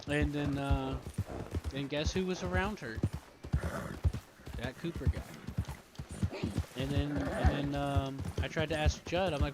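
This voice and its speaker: A man's voice: on the high side, moderate pace, over loud music. A man role-playing his character, ranting and swearing heavily about being wronged. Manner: ranting, heavy swearing, aggrieved. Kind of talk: in-character role-play chat. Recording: loud background noise.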